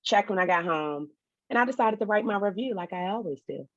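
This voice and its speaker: Co-host, woman, mid pitch, blunt and salty, on a dull, dry, slightly lo-fi feed. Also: animated, a little fast, no room sound. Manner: blunt, swears casually, acts out phone calls. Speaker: podcast co-host. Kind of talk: casual storytelling chat.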